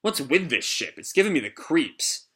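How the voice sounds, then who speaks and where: Brash teen boy hero, cocky and excitable, bright voice, read by a man. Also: on the high side, normal speed. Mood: defiant.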